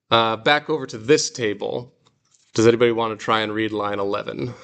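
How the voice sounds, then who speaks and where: A man's voice: fairly low pitch, fairly even intonation, a little fast, creaky, a bit bright. Patient male Greek teacher. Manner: patient, explains with examples, reads Greek aloud. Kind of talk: classroom lesson. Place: classroom.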